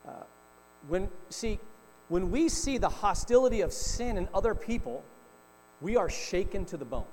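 Middle-aged male pastor, high voice, chatty storytelling sermon, echoing hall, faint hum. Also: lively intonation, moderate pace, darkish tone. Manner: storytelling, conversational with frequent "right?" asides.

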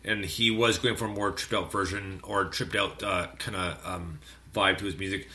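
A man from Canada hosts a music radio show with a bright, forceful voice. He rambles through his stories with lots of fillers, breaking into loud animated outbursts now and then. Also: deep voice, moderate pace. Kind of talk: casual chat.

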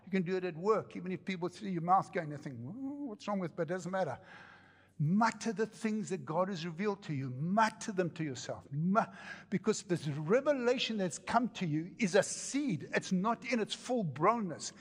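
A man preaches with a slightly high voice, animated and joking, repeating phrases for emphasis. His voice carries a long reverb through a church hall. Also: normal speed. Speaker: pastor. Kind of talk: sermon.

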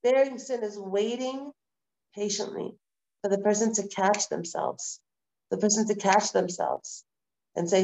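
A woman teaching a live online Torah class, lecturing in a lively, conversational way with repeated phrases and rhetorical questions. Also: mid-range voice, measured pace, rough recording. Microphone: video call.

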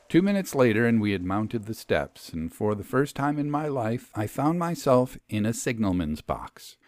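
A man reading a first-person ghost story aloud, measured and literary in delivery. His pitch sits in an ordinary middle range. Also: very animated, darkish tone. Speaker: reader.

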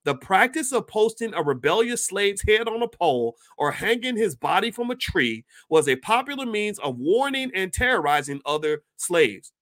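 A man with a fairly high voice reads passages from a book aloud. He often breaks off into lively spoken asides and restarts words when he stumbles over them. His delivery is casual commentary rather than polished narration. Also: moderate pace, hardly any pauses.

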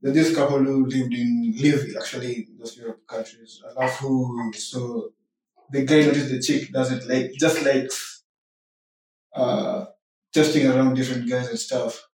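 A young man chatting loosely on a podcast, sliding between English and Swahili slang with plenty of fillers. He sounds far from the mic in a very echoey room, his voice at an ordinary middle pitch. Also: steady tone, measured pace, darkish tone. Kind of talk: casual chat.

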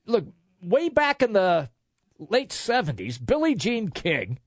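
A man's voice: high-pitched, huge pitch swings, slow pace, no echo, clean studio sound. An older man co-hosting a casual talk show, ranting in an exasperated way with many restarts. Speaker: co-host.

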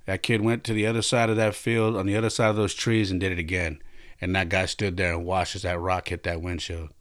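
Deep-voiced man telling a story. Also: flat delivery, fairly quick, a bit bright, no room sound, clean studio sound. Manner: emphatic, conversational, with restarts. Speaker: podcast host. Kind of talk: casual storytelling.

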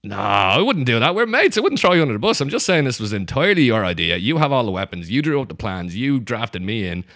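Man as easygoing Irish robber, quick and animated delivery, lots of restarts. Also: lowish voice, lightly acted. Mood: defensive. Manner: rambling, stammering restarts, lively. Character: chatty easygoing male Irish bank robber. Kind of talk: improv comedy scene.

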